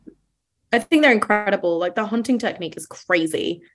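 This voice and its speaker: A woman guest on a casual podcast, giggly and self-conscious, talking in quick bursts. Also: mid-range voice, expressive. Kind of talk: casual chat.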